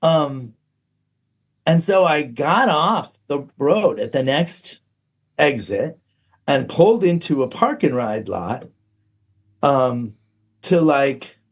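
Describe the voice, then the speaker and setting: A man's voice: a little high, creaky. A middle-aged man, a podcast guest, telling a personal story candidly, frank and self-mocking, with plenty of "um"s.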